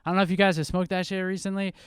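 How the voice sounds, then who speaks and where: A man's voice: high voice, very fast, smooth, no room sound, studio quality. A man from New Jersey doing a self-deprecating stand-up set on a club stage into a handheld mic. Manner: self-deprecating, relaxed deadpan delivery. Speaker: stand-up comedian.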